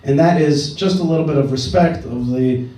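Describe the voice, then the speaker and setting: A man's voice: a little high, moderate pace, dark tone, distant mic. A middle-aged man giving an earnest talk at a gathering, telling a story and repeating his key phrases. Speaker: speaker at a dialogue gathering. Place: indoor event hall. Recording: roomy hall, speaker away from mic.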